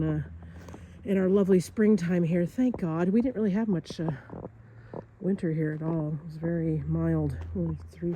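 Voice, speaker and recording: With a lowish, dark voice on a low-quality recording, a woman from Northern California walks around a rural property filming a nature vlog. She's bubbly and chatty, laughs a lot, and uses many fillers and restarts amid faint outdoor noise.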